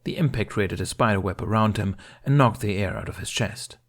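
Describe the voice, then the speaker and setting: Male narrator for a fan fiction audiobook, low-pitched, steady delivery. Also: a little fast. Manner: steady, storytelling.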